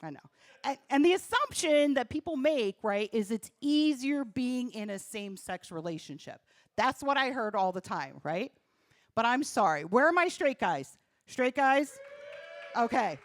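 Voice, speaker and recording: A woman's voice: fairly high pitch, very animated, a little slow, dry recording. A woman from New doing stand-up comedy on a comedy club stage, punchy and self-deprecating, talking straight to the crowd. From New Jersey.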